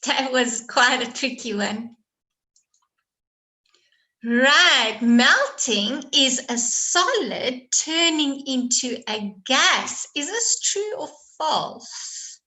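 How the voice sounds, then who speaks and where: A woman's voice: high-pitched, expressive, very slow, pushed and bright, low-quality recording. A woman teacher running a quiz lesson, praising and encouraging her students.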